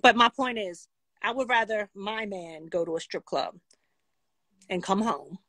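A woman telling a casual storytime vlog in a blunt, profane and animated way. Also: medium pitch, unhurried, dry recording. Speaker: vlogger.

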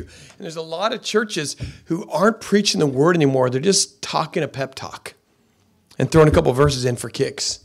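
A man's voice: a little high, moderate pace, creaky. A man preaching a sermon as pastor, emphatic and given to repeating phrases.

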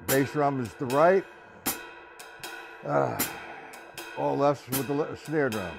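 A man giving a live-streamed drum lesson. He counts beats out loud and chats casually with viewers between exercises. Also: mid-range voice, fairly even intonation, slow pace, creaky, music in the background. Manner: counts out loud over drumming, chatty asides to viewers. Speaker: drum teacher. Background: drum kit playing.

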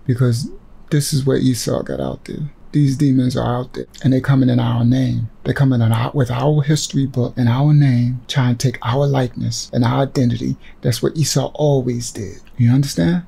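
A man's voice: medium pitch, normal speed, vocal fry, warm tone, breathy edge. A man leading a ministry, giving impassioned religious commentary on a clip he has just watched, agitated and emotional as he preaches. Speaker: ministry leader reacting to a video clip.

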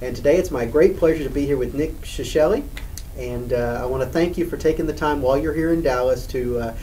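Distant, mellow-voiced male interviewer. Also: mid-range voice, a little fast. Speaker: interviewer, museum curator. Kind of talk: oral history interview. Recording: distant mic with faint background hum.

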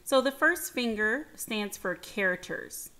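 Calm woman teacher narrating a lesson. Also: on the high side, unhurried. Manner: calm, clear, instructive, speaks directly to students. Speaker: teacher hosting an educational channel. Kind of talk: scripted lesson narration for young students.

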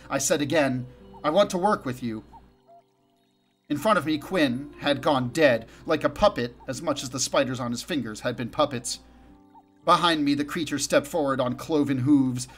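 Man reading a dark story aloud. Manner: dramatic, slows down for emphasis and rises in pitch for quoted speech. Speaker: audiobook reader. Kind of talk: expressive first-person story reading.

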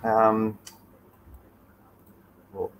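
A man's voice: fairly low pitch, little pitch movement, drawn-out words, dull audio, slight background noise. Easygoing Australian man chatting live. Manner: chatty, easygoing, loose and rambling. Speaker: livestream host. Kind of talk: casual live chat.

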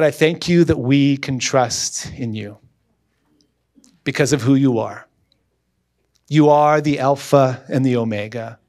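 A man's voice: mid-range voice, a little mellow. Earnest man preaching a sermon. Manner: earnest, emphatic preaching with repeated phrases. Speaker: guest pastor. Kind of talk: sermon and closing prayer.

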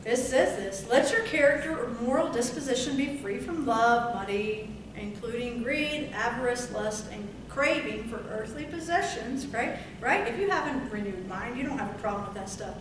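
A woman preacher delivering a fervent sermon, stretching out scripture lines with emphatic, drawn-out delivery. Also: a little high, animated. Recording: echoey room from far off, noisy.

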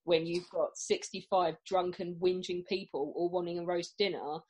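A young woman with a husky, slightly breathy voice. She rants freely in casual chat, swearing often and laughing as she goes. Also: fairly low pitch, fairly even intonation, normal speed, darkish tone, low-quality recording.

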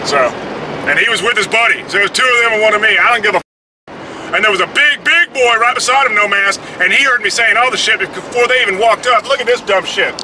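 A man's voice: high voice, quick pace, sharp tone. A man telling a blunt, heavily profane story as a casual vlog rant. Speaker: vlogger. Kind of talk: casual ranting monologue. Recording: noisy, with vehicle and traffic sounds.

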